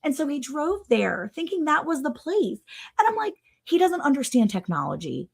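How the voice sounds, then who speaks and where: A woman hosting a livestream, telling a story to her viewers in a chatty, sarcastic way, full of "like" and big jumps in pitch. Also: normal speed, creaky. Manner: animated, sarcastic, with wide swings in pitch; chatty, with many "like" fillers. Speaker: livestream host.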